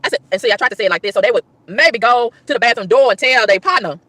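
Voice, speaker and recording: Exasperated woman ranting fast and high. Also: sing-song, bright, forceful tone, no echo. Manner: exasperated, exclaiming, repeating lines for emphasis. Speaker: vlogger. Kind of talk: animated storytelling rant.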